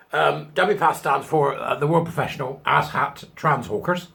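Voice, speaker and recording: A man's voice: a little high, measured pace, vocal fry, fairly bright tone. A middle-aged man hosting his own show, talking in a chatty, sarcastic way and laughing at his own jokes. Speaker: host. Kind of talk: casual commentary.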